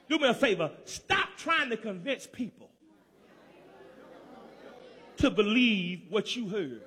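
A man's voice: takes it slowly, long pauses, long reverb tail, some chatter behind. A man with a Southern accent, from Georgia, preaching a sermon in a rhythmic, repetitive cadence and calling out to the congregation. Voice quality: high, lively voice, often shouting.

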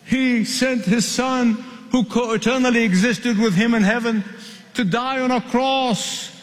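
Male preacher from the Middle East, high voice, impassioned sermon with repetition, long hall reverb. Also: measured pace. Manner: impassioned, repeats lines for emphasis.

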